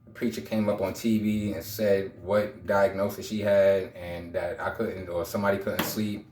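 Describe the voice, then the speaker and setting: A man's voice: deep voice, level tone, normal speed, darkish tone, a little hiss or hum. A man in his thirties telling a personal story in a casual, rambling vlog, repeating himself and using street slang. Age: 30s. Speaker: vlogger. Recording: roomy echo.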